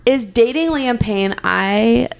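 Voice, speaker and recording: A young woman chatting on a podcast with her friend, bubbly and quick to giggle. Her voice sits on the higher side, and her stories tumble out with excitement. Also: vocal fry, clear, resonant tone. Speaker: podcast co-host. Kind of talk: casual chat.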